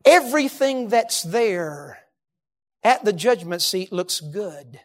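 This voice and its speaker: A man's voice: expressive, slow pace. Emphatic preacher man. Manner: emphatic, rising to shouts then dropping to low hushed endings. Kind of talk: sermon.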